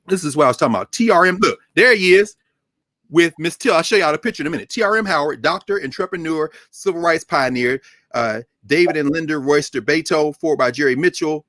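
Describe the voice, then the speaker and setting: A man's voice: fairly bright tone, no echo, clean studio sound. Fiery, preacherly man lecturing. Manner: impassioned, preacherly, big pitch swings. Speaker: regular guest scholar. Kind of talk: animated lecture-style talk.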